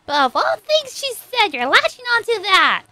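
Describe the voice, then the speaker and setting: A woman reacting to an anime, talking to the characters on screen and swinging between loud cheering and soft, sympathetic murmurs. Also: very high-pitched, huge pitch swings, moderate pace, no echo. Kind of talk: emotional anime reaction commentary.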